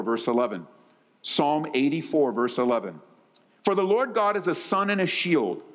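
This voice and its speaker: A man preaching a sermon, emphatic and direct, repeating key phrases to his congregation. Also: on the high side. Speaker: pastor. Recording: long hall reverb.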